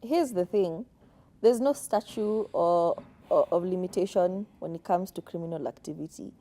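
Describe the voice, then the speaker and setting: A woman giving her opinion as a panelist on a talk show, thoughtful and measured. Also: fairly low pitch, mellow. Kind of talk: studio talk show discussion.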